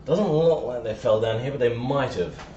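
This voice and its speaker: In what sounds like a workshop or garage, a man fixes a car on a live stream, joking at his own expense as he talks to himself. The voice is mid-range and mellow at a normal speed, and the far-off mic makes it echoey and dull, with a little hiss or hum.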